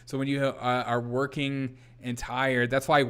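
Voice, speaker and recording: A man's voice: mid-range voice, level tone, unhurried, a bit bright, clean tone. A man hosting a casual commentary show, mocking the clips he plays and laughing often.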